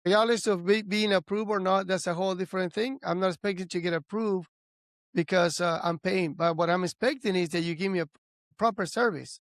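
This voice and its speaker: A man's voice: high-pitched, fairly quick, no echo, studio quality. A man hosting a podcast interview, giving earnest, frustrated commentary with small slips and restarts. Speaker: podcast host.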